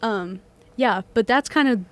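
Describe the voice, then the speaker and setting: A woman's voice: fairly high pitch, measured pace. A young woman, co-hosting a student podcast and telling a ghost story in casual chat, full of fillers. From Texas. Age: young adult. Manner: animated storyteller, many fillers, acts out quoted voices.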